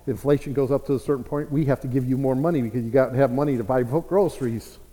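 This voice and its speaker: A man preaching a sermon, telling a story with quiet asides and loud, emphatic passages. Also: medium pitch, fairly even intonation, quick pace. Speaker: pastor. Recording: echoey church hall.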